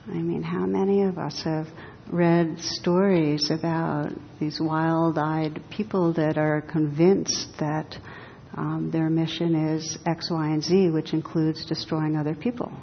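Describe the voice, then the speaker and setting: Woman teacher giving a dharma talk, lowish voice, slow and thoughtful with dry little jokes, long hall reverb, dull muffled sound. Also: slight background noise. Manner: slow, reflective, with gentle humor. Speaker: meditation teacher. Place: hall with a live audience.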